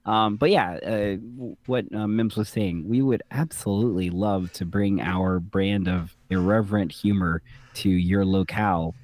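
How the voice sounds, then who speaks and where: A man co-hosting a podcast in casual chat, playful and quick to joke along. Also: lowish voice, darkish tone, no room sound. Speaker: podcast co-host.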